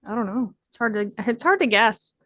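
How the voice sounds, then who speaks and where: Woman player in a tabletop game, a little high-pitched, thinks aloud, tentative, dry close mic. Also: animated, fairly quick, fairly bright tone, no echo.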